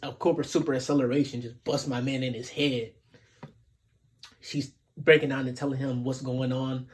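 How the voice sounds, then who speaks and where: Laid-back slangy man recapping anime. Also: medium pitch. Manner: laid-back, slangy, animated retelling with filler. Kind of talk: casual episode recap.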